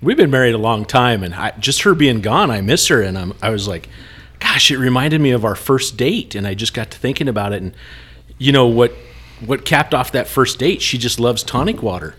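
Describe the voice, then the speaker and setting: A man's voice: mid-range voice, lively intonation, a little fast, a bit bright, breathy edge. A man in a casual group chat, upbeat, cheering the others on and telling a short dad joke.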